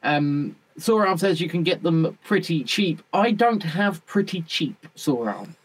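High-voiced man in casual chat. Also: expressive, unhurried, breathy edge, poor audio. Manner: jokey, swearing, mocking impressions. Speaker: podcast co-host reading chat.

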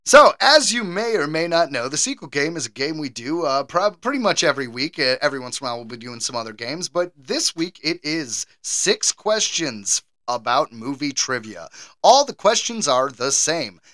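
Male podcast co-host, bright and lively, quick to laugh, dry close recording. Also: fairly high pitch, no echo. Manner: animated, laughs often, jokey. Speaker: game show quizmaster. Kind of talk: casual podcast chat.

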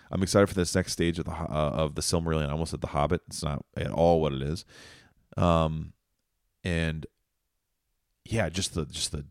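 A man's voice: low voice, creaky, no echo, studio quality. A man hosting a podcast, giving a casual update in a rambling, jokey way that keeps wandering off on tangents. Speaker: podcast host.

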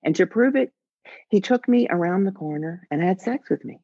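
A man's voice: high voice, animated, normal speed, vocal fry, mellow, slightly rough, no echo, muffled recording. A man storyteller telling a personal story on stage in a wry, candid way. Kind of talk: live storytelling.

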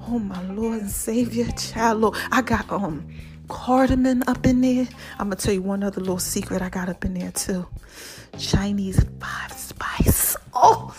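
A woman hosting her own podcast in casual chat, animated and gushing. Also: high-pitched. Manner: animated and gushing, with drawn-out exclamations. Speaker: podcast host.

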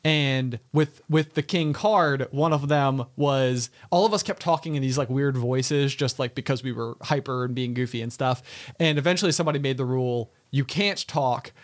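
A man's voice: medium pitch, normal speed. A man from rural Virginia telling a rambling, playful story in casual chat. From Franklin County, Virginia.

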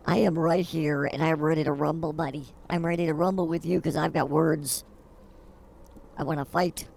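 A woman's voice: low voice, steady tone, moderate pace, gravelly, darkish tone. A woman co-hosting a comedy podcast, feisty and mock-combative in her banter. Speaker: podcast co-host.

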